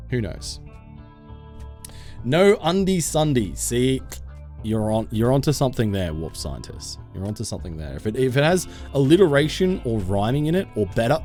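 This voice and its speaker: A man's voice: mid-range voice, dark tone. A man streaming a game live, chatting casually with his viewers and laughing often.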